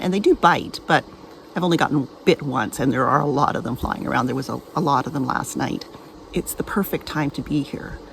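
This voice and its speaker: A woman's voice: low voice, a little hiss or hum, rough recording. A middle-aged woman chatting casually to her camera at a lakeside campground, recorded outdoors. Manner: chatty, gets emotional and laughs softly. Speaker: vlogger. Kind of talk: casual vlog narration.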